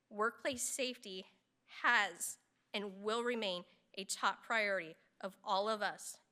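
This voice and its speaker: A woman hosting a memorial ceremony, speaking in a solemn, measured way in a large hall. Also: fairly high pitch, pushed and bright, smooth. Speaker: ceremony host.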